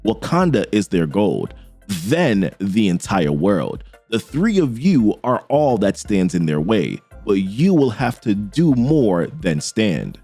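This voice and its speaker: A man reading a calm, ancient goddess mentor. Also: on the low side, slow, husky, faint music behind, voice pushed down, heavily acted.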